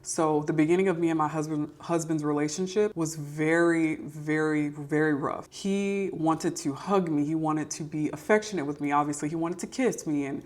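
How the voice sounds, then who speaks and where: A woman's voice: low voice, normal speed, few pauses, a little mellow. A young adult woman sharing a personal faith testimony to camera, earnest and encouraging. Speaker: podcast host sharing testimony. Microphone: camera mic.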